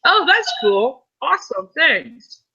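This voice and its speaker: A woman who has joined a live stream, speaking with a slight lisp, chatty and quick to laugh. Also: high-pitched, big pitch swings, bright, forceful tone, muffled recording. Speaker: viewer joining the stream.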